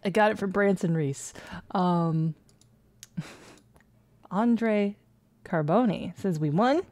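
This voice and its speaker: A woman plays a game and reads jokes and in-game emails aloud as casual let's-play commentary, giggling often and putting on playful voices. Her voice is on the low side and darkish, she speaks very slowly, and there's no echo.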